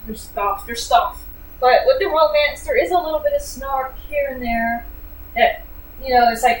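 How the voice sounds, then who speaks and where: A woman with a fairly high voice gives a casual book review, animated and sarcastic, with plenty of fillers. She sits some distance from the mic in a roomy, echoey space, with faint noise behind her.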